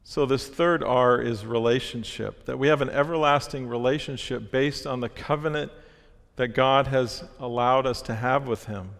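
A man's voice: medium pitch, moderate pace, creaky. Man preaching in a reverberant hall. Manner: earnest, steady teaching with small restarts. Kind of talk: sermon.

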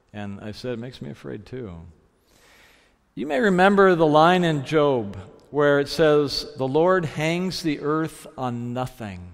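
A man preaching a sermon, telling his story in a reflective way. He slows down to lean on the phrases that matter. His voice sits in a middle pitch and carries a long reverb from a large hall. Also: gravelly.

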